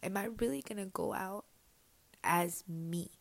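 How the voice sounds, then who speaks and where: A woman giving a personal faith testimony, switching between Spanish and English mid-sentence in a soft, confiding way that often sinks to a whisper. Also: medium pitch, measured pace, gravelly. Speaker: church member sharing her testimony.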